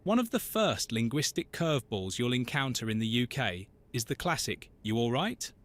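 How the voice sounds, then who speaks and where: A man's voice: medium pitch, big pitch swings, normal speed. A man reading scripted, witty narration for a list video. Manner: crisp, witty listicle delivery.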